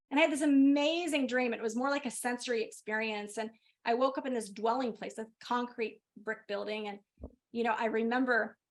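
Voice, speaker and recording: Middle-aged woman, physician guest, lively storytelling, slightly high voice. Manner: animated storytelling, lively laughs. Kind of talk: personal story in a webinar.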